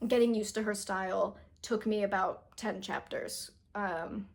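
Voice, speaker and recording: A woman's voice: medium pitch, steady tone, measured pace, vocal fry. A young woman casually reviewing a book to camera, chatty and self-deprecating, full of fillers and restarts, and stumbling over words when she reads passages aloud.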